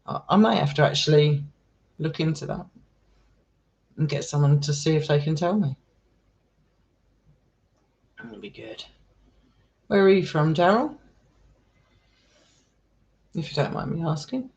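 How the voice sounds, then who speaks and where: A man's voice: on the high side, animated, unhurried, gravelly, pauses often, a little mellow, highs cut off. A man chatting casually with his live stream viewers, affectionate and talkative, calling people darling and sweetheart. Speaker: live streamer and paranormal explorer.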